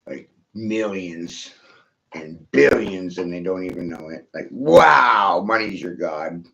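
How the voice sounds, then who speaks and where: A man's voice: deep voice, lively intonation, takes it slowly, creaky, sharp tone. A man delivering a rambling, profane monologue, swearing freely, laughing often and asking "right?" after his points. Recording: dull lo-fi recording.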